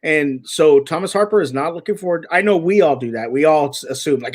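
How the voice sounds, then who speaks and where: A man's voice: a little high, fairly quick. A young man co-hosting a casual podcast, talking eagerly and rambling with lots of restarts. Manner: excited, rambling with many restarts. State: chewing food. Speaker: podcast co-host. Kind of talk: casual chat.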